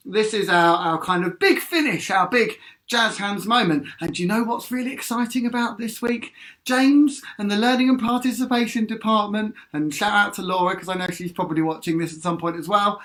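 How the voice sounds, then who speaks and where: A man with an English accent leading a live-streamed sing-along warm-up, upbeat, chatty and encouraging. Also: high-pitched.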